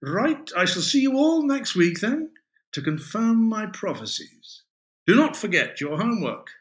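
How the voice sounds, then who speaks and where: A man's voice: high voice, big pitch swings, unhurried, pitched above the performer's own voice. Man putting on a pompous, theatrical young teacher. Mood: hearty. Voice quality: theatrical and grandiloquent. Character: brash, pompous young male English teacher.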